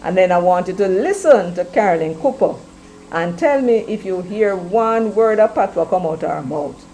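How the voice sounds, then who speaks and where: A woman's voice: on the low side, animated, normal speed, mellow, slight background noise, poor audio. Emphatic Jamaican woman commentator. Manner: emphatic, mixing patois into English. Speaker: commentary show host. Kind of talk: opinionated live-stream commentary.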